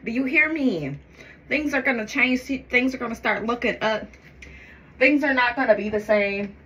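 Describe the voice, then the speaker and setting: A woman vlogging to her phone camera, talking in a forceful, preachy, emphatic way about faith. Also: a little high, lively intonation, moderate pace, dull audio. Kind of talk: faith-filled get-ready-with-me vlog.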